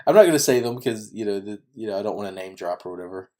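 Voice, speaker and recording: Racing along in a fairly low, darkish, expressive voice, a YouTube gaming channel host rambles through a self-mocking story over gameplay. He's chatty and keeps dropping "you know" fillers.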